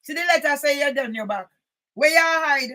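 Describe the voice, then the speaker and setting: An older woman reads documents aloud and comments on them indignantly, often breaking into shouts. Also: high voice, moderate pace, poor audio. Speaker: channel host.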